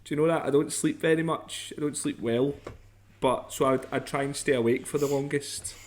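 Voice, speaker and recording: A man's voice: on the high side, fairly even intonation, normal speed, slight background noise. Scottish man rambling in casual chat. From Scotland. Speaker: podcast co-host.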